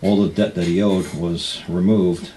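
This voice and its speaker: Deep-voiced man telling rambling stories. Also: fairly even intonation, a little slow, mellow, slight background noise. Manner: rambling, acts out other people's lines, laughs often. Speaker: radio show host. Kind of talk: casual storytelling.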